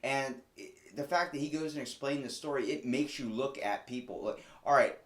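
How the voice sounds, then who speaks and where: Man, podcast host, casual heated chat, swears a lot, mid pitch, echoey room. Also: normal speed. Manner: heated, profane, emphatic. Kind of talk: casual conversation.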